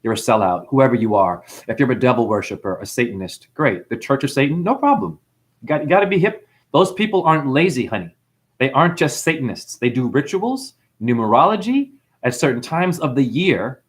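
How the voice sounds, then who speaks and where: A man's voice: medium pitch, a bit bright. Rambling preachy New Zealand man. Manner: rambling, preachy, calls listeners honey. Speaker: livestream host. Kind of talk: livestream monologue reading chat.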